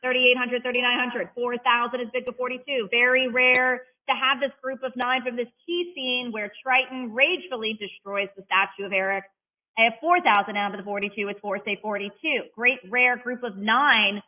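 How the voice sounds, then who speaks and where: A woman calling bids at a live auction, running figures in a fast rhythmic chant and breaking into brief chatty asides about the lots. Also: on the high side, fairly even intonation. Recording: tinny phone-like stream audio.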